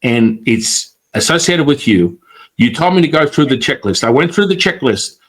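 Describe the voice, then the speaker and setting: Animated man telling a story. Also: mid-range voice, normal speed. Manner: animated, acts out quoted voices. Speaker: guest. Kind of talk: casual storytelling.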